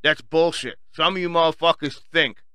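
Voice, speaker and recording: A man's voice: on the high side, steady tone, normal speed, bright, forceful tone, clear, resonant tone, dry recording. Profane ranting male radio host. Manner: angry, swearing, mocking quoted people. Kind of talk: profane rant.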